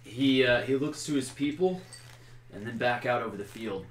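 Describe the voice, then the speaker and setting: A man's voice: medium pitch, normal speed, a little hiss or hum. A man acting as game master and narrating a tabletop game in a casual way, with many fillers. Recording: roomy echo.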